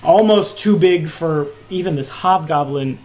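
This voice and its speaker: Female game master, deep for a woman, casual relaxed narration. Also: low-quality recording. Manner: unhurried, relaxed, with lots of "like".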